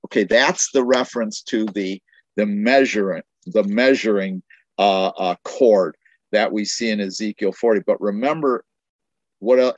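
A man's voice: lowish voice, no room sound. A man giving a Bible teaching sermon, explaining scripture passages and often restarting his phrases, on a dull, dry recording.

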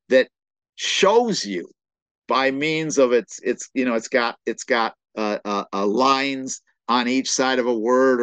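A man preaching a sermon-style Bible lesson, explaining slowly and emphatically, often stammering and repeating words as he thinks. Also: mid-range voice, fairly bright tone, no room sound. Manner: explanatory, emphatic on key phrases. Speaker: pastor.

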